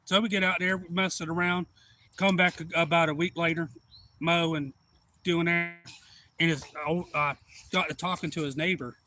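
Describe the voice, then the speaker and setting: A man, rambling through excitable anecdotes on a casual live stream. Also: on the high side, normal speed. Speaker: livestream host. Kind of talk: casual storytelling.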